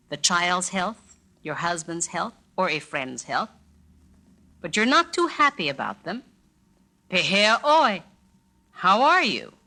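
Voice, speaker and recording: A woman leads a recorded language lesson at an unhurried, deliberate pace. Her bright, clear voice rises and falls widely as she demonstrates each greeting with exaggerated inflection. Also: on the low side. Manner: slow, carefully inflected, demonstrates phrases with exaggerated intonation. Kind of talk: scripted spoken-word lesson.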